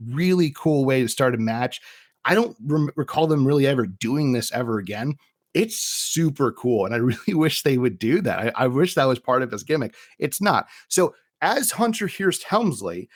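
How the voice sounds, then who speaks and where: A man's voice: mid-range voice, no echo, clean studio sound. A man co-hosting a podcast in casual chat, rambling with frequent restarts and repeated words. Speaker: podcast co-host.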